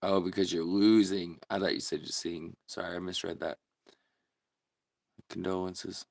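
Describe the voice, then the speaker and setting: Deep gravelly laid-back man. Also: little pitch movement, normal speed, a little mellow. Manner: laid-back, laughs often, slangy. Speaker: livestream host. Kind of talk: casual livestream chat reading comments.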